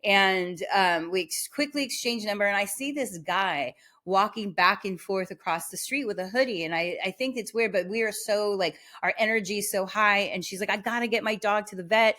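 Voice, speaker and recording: Woman, podcast host, rambling personal story, animated, lots of restarts and fillers, medium pitch. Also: normal speed, few pauses. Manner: animated, acts out the voices in her story.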